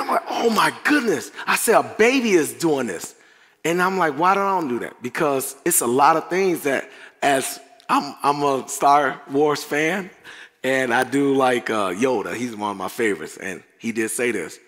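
A middle-aged man preaching a conversational sermon with animated asides and frequent laughter. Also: a little high, moderate pace. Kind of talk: sermon devotional. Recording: reverberant church hall.

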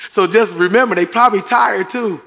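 A man's voice: high voice, a little fast, creaky, pushed and bright. A middle-aged man preaching a sermon to a congregation, chatty and conversational, with chuckles and asides. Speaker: pastor. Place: church sanctuary. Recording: long hall reverb.

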